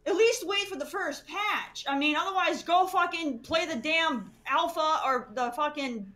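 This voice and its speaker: Emphatic high-voiced woman with crowd behind. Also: moderate pace. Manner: emphatic, swears often, repeats points. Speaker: podcast co-host. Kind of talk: casual heated chat.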